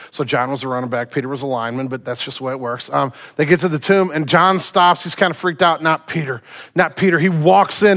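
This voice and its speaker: A man preaching a sermon, retelling a story in casual slang and swinging from loud to hushed. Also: fairly high pitch.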